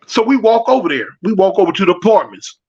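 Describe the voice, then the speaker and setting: High-voiced Los man, animated storyteller. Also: fast, breathy edge. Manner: animated, slangy, acts out voices in his stories. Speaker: storyteller answering live chat. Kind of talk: casual street storytelling. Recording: dull lo-fi audio.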